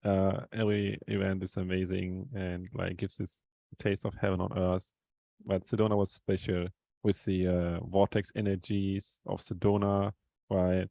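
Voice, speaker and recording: Deep gravelly hesitant man. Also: flat delivery, a little slow, dark tone, no echo. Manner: hesitant, searching for words with many "uh"s. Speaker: guest coach. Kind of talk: casual podcast chat.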